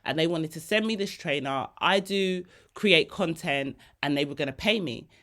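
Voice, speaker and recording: Woman podcast host, slightly low voice, open and chatty, slangy candid monologue. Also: normal speed, a bit bright.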